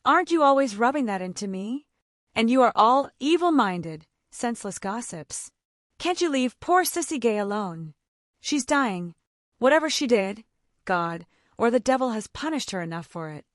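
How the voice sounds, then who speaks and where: A woman's voice: fairly high pitch, sing-song, moderate pace, no echo, clean studio sound, pitched above the performer's own voice. A woman reading the part of a defiant young woman who fires back tart, brazen retorts at her relatives.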